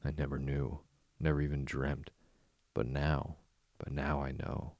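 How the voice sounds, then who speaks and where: A man's voice: very deep voice, level tone, unhurried, gravelly, warm tone, no room sound, full character voice. A man voicing a dreamy, boastful male toad obsessed with motor cars, murmuring rapturously in a storybook reading. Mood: dreamy rapture.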